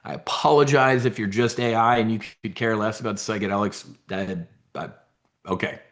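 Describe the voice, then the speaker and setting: A man's voice: fairly low pitch, fairly even intonation, fairly bright tone. Male host, mid-range voice, rambling profane rant full of restarts. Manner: fast, rambling, blunt and profane, with frequent restarts. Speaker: host of a trading and market show. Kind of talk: casual live-stream rant.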